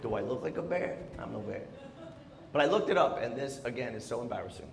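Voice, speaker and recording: Animated stand-up comedian man. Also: medium pitch, quick pace, gravelly, crowd noise. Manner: animated, exasperated storytelling. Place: theatre stage. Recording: roomy theatre echo.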